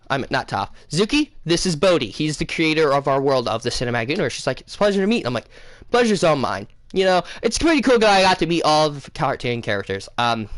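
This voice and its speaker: A young man casually retelling a dream to his viewers, rambling and excitable, with many fillers and self-corrections. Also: high voice, dry recording. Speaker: gaming channel host. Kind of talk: casual storytelling to camera.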